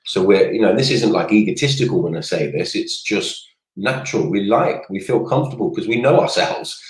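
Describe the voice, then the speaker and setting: In an echoey, roomy space, a low-voiced man coaches on network marketing during a relaxed livestream. His delivery is upbeat and full of energy, though he rambles and keeps wandering into tangents.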